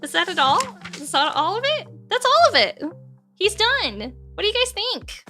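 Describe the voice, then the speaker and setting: A woman's voice: very high-pitched, sing-song, normal speed, bright, forceful tone, soft background music. A woman from Canada, chatting playfully and giggling on a livestream while she builds a model kit. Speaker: streamer.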